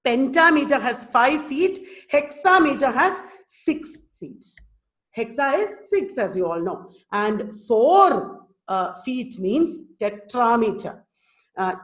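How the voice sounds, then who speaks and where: A woman giving an online lecture, explaining slowly and often asking whether the students understood. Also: fairly high pitch, reverberant. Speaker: teacher. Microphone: computer mic in a webinar.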